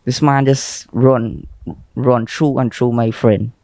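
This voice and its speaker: A man with a Guyanese accent, an eyewitness telling a reporter how his friend was struck, shaken and halting. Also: mid-range voice, steady tone, mellow, no room sound. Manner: shaken, halting, repeating himself. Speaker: eyewitness interviewed. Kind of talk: news interview.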